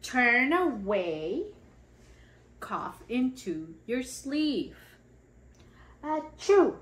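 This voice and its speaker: A woman reading a picture book to toddlers in a slow, sing-song way, acting out sneezes and sounds. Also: a little high, lively intonation, fairly bright tone. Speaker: children's educator reading aloud.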